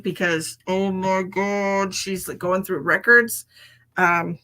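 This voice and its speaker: A woman's voice: mid-range voice, fairly even intonation, slow pace, sharp tone. Chatty woman doing live psychic readings. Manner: chatty, laughs often, drops into whispered asides. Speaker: psychic medium. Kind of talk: live-streamed psychic readings, casual chat.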